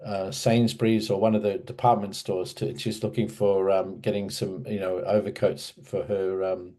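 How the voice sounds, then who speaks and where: Older aussie guy, 60s, rambling interview guest, lowish mellow voice, keeps restarting his sentences. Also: level tone, moderate pace. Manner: meandering storyteller, many restarts and asides. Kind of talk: reminiscing in a casual interview.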